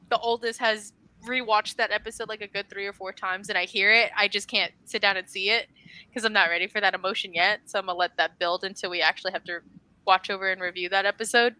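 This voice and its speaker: A woman's voice: mid-range voice, pushed and bright, no room sound, rough recording. A woman co-hosting a podcast, chatting casually and emphatically, swearing now and then. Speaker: podcast co-host. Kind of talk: casual chat.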